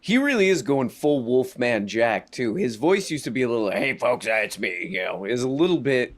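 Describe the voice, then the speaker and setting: A man's voice: medium pitch, very animated, normal speed. A man doing casual live-stream commentary over clips, sarcastic and rambling, with a mocking tone.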